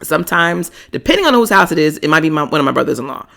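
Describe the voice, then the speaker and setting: Gravelly, animated woman podcast host. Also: deep voice, racing. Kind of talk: casual chat.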